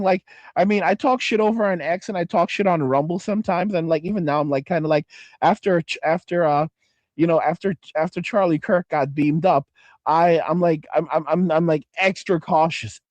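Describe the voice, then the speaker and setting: A man in his forties hosts a casual livestream, reading viewer comments and rambling along with plenty of swearing, restarts, and self-interruptions. His voice sits a little high, his pace is moderate, and there's no room sound.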